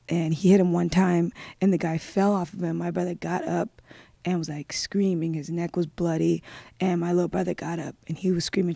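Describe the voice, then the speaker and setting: A woman's voice: lowish voice, creaky, mellow, no room sound. A woman, a guest in a live-streamed interview, telling her own story in a subdued, earnest way.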